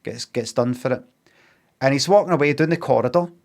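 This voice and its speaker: A man's voice: medium pitch, fairly quick, gravelly. Sweary, rambling Scottish man. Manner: sweary, meandering, with lots of fillers and asides. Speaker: streamer reviewing a film. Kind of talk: casual rambling film recap.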